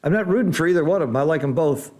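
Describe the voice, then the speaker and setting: A middle-aged man commentating a backgammon match live, exclaiming over the rolls and then calmly explaining strategy like a teacher. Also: on the high side, rapid-fire.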